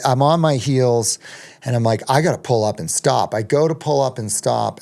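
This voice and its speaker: Slow, rambling middle-aged man. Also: mid-range voice, darkish tone. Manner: rambling, with many ums and restarts. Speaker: podcast guest. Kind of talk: casual storytelling.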